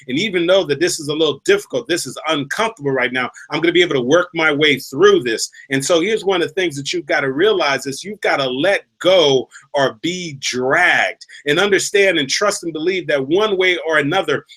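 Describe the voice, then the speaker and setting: A man delivering a motivational talk in a bright, forceful voice that sits a little high. He speaks straight to the listener and hammers his points home, repeating key phrases again and again. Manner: emphatic, repeats phrases for effect; storytelling, addresses listener directly. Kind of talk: motivational speech.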